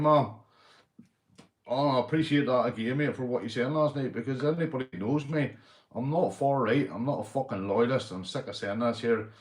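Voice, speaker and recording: A Northern Irish man talks casually on a livestream in a mid-range voice, sipping a beer between lines. He swings from loud, lively shout-outs to low, gruff muttering and swears freely. The room around him has a noticeable echo.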